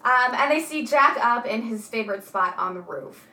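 A young woman chats through a film's plot in a relaxed, giggly way, jumping into the characters' lines. Her voice is bright and sits high. The room around her is noticeably echoey. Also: normal speed. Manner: giggly, lively quoting of characters. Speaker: co-host recapping a film. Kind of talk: casual chat.

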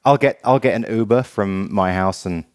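A man's voice: lowish voice, moderate pace, smooth, no room sound, clean studio sound. A man from England, his English accent faded, co-hosting a podcast and telling a rambling story with restarts. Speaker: podcast co-host. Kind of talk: casual chat.

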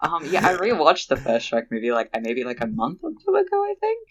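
A man's voice: a little high, brisk, a little hiss or hum. A man hosting a music podcast, rambling in a casual way and filling his talk with "like". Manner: rambling, animated, full of "like". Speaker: podcast host. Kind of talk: casual chat.

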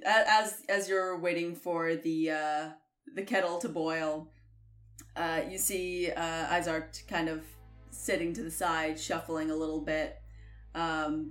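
A woman running a tabletop game, drawling slowly with a lower voice and plenty of giggles. She rambles and swears casually, with faint music under her. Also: little pitch movement, fairly bright tone, echoey room. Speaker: game master.

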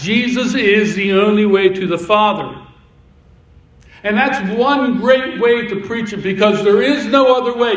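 A man preaching a sermon as pastor, in a conversational way with repetitions and asides. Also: high-pitched. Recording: echoey room, voice from a distance.

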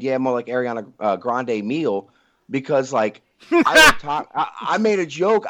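A man's voice: fairly high pitch, a bit bright, lo-fi sound. A man co-hosting a podcast, telling rambling, profane, joking stories in crude casual banter. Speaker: podcast co-host.

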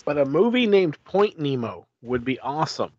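A man's voice: a little high, sing-song, normal speed, darkish tone, no room sound. Man explaining facts, stammering eagerly. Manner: explanatory, enthusiastic, stammering restarts. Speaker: podcast co-host. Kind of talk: casual chat. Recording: dull lo-fi sound.

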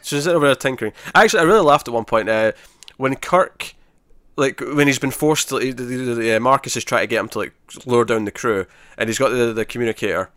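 Animated man in a casual chat. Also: medium pitch, fast talker, dry recording, clean studio sound. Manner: animated retelling, full of restarts. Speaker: podcast co-host.

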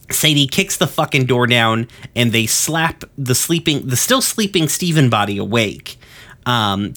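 A man on a podcast casually recapping an episode, rambling with lots of ums and uhs and throwing in curse words. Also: sharp tone. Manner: loose, rambling, lots of ums and uhs, acts out quotes in higher voices.

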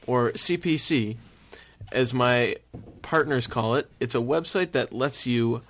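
A man pitching his joke business on a comedy podcast, often breaking into giggles. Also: slow pace, a bit bright. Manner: giggly, keeps breaking into laughter. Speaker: guest reading an ad. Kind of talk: comedic podcast bit, ad read.

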